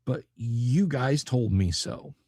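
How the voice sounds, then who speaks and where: A man's voice: mid-range voice, slow, warm tone, slightly rough, no echo, clean studio sound. Rambling, jokey male livestream host. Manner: rambling, jokey, stammering restarts. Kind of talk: casual live-stream chat.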